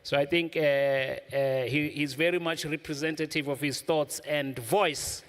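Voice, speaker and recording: A man's voice: fairly high pitch, fairly even intonation, a little slow, fairly bright tone. A man hosting an event, chatting loosely with many fillers. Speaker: event host. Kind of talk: casual hosting.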